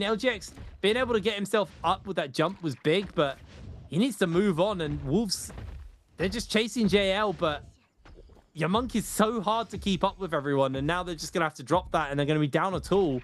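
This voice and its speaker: A man casting a live esports match, energetic and rambling, often correcting himself mid-sentence. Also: high-pitched, slight background noise. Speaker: esports caster. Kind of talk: live esports play-by-play commentary.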